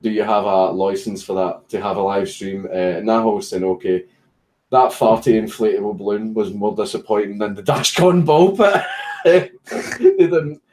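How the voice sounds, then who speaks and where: A man's voice: lowish voice, normal speed, a little mellow, rough recording. Sweary Scottish man chatting on stream. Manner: sweary, laughing, joking, distracted by a puppy. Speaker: live streamer. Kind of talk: casual live-stream chat reading viewer messages.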